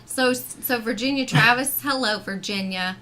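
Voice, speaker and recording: A woman's voice: on the high side, unhurried, sharp tone, slight background noise. A woman guest on a video call, talking about her acting in a chatty, rambling way full of fillers. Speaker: actress and filmmaker guest. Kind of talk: casual chat.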